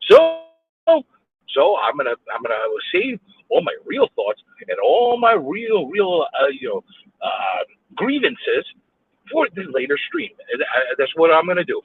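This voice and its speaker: A man streaming from his car in traffic, rambling and stammering, then bursting into loud yelling at other drivers. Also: a little high, wildly swooping pitch, normal speed. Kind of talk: ranting while driving. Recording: phone-like dry lo-fi sound.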